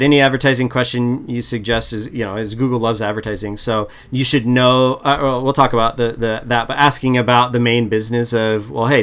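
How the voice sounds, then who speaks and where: A man coaching on interview prep in a relaxed, chatty way, often restarting sentences, on a video call. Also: mid-range voice, smooth. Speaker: product management coach. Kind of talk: casual advice chat.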